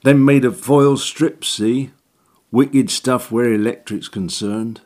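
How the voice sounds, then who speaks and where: A man's voice: mid-range voice, takes it slowly, a little mellow, pitched above the performer's own voice, lightly acted. A man putting on a wheezy, crafty old handyman. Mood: sly. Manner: broad working-class slang, cheeky.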